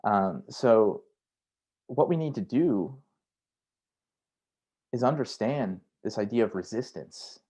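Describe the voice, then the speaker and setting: Lowish-voiced male career coach. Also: expressive, slow pace, long pauses, dark tone. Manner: conversational, frequent "right?" tags; acts out inner voices in quotes. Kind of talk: online workshop talk.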